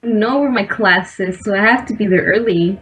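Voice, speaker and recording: A woman's voice: mid-range voice, normal speed, a crowd in the background, rough recording. A young woman on a casual podcast, speaking hesitantly and often repeating words as she starts a sentence. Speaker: podcast co-host. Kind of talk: casual gaming podcast chat.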